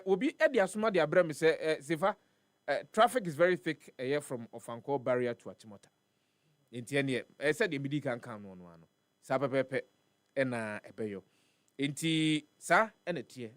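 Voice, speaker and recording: A man's voice: medium pitch, expressive, moderate pace, dry recording. A man with a Ghanaian accent hosting a live morning radio show, reading weather and traffic and chatting, repeating words for emphasis. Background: faint music bed.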